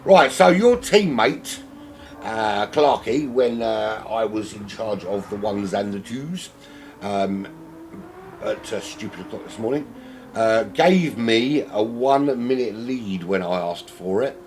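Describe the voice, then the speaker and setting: A man's voice: on the low side, a little slow, a little mellow, slight background noise. A man from South London with a South London accent, commentating on a sim race from home in a rambling, self-mocking, chatty way.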